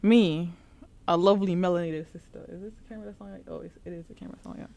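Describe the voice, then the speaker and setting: Low-voiced woman telling a comic story. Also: fairly even intonation, rapid-fire, vocal fry, highs cut off, noisy background. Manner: dramatic, vivid storyteller. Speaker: radio show co-host.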